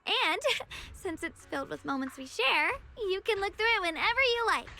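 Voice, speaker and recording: Bright high sweet young woman. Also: expressive, moderate pace, vocal fry, full character voice. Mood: earnest. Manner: earnest, affectionate. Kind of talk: game dialogue.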